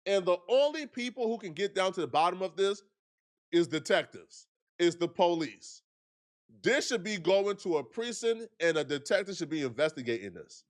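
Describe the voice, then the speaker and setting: Brief: man with a fairly high voice, earnest commentator, argues his point at length. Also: lively intonation, moderate pace. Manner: earnest, argumentative, repeats himself to make points.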